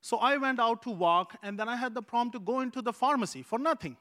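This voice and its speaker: A man's voice: very high-pitched, expressive, quick pace, pushed and bright. A man preaching a sermon as a pastor. He tells a personal story earnestly and repeats phrases for emphasis. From Pakistan.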